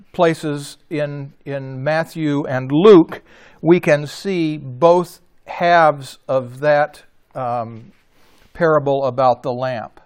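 A man leading an informal Bible study, explaining a passage in an unhurried way and often restarting and correcting himself mid-sentence. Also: a little high. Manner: halting, with frequent restarts and self-corrections.

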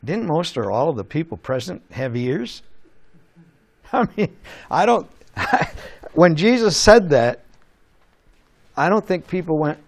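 Slow, animated male preacher. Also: a little high. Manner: animated, rhetorical questions, chuckles. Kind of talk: sermon.

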